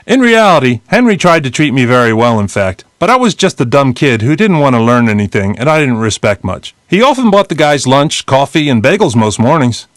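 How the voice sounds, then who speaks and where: Male narrator, 50s, from New Jersey; blunt, animated storyteller reading his own audiobook memoir, medium pitch. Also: brisk, few pauses, dry recording, clean studio sound. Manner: lively, blunt storytelling with casual swearing.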